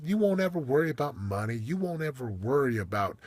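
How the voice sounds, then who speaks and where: Emphatic husky-voiced man coaching. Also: medium pitch, sing-song, a little fast, few pauses, dry recording. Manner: emphatic, preachy, with big swings in loudness. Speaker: motivational coach. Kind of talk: motivational monologue.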